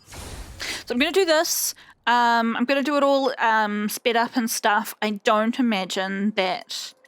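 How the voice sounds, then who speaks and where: A woman casually chatting and rambling as she hosts a let's play video, with animated swings in her voice. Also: a little high, unhurried, clean tone, dry recording. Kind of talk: casual gameplay commentary.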